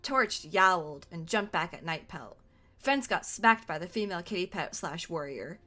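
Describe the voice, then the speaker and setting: A young woman streamer reading an old fan roleplay aloud, amused and quick to laugh. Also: lowish voice, lively intonation, pushed and bright. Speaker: streamer host. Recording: faint music behind.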